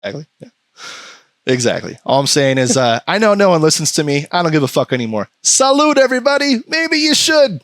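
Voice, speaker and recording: A man's voice: medium pitch, very animated, fast talker, no echo. A man hosting a podcast, ranting profanely in casual chat and slipping into mocking voices. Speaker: podcast host.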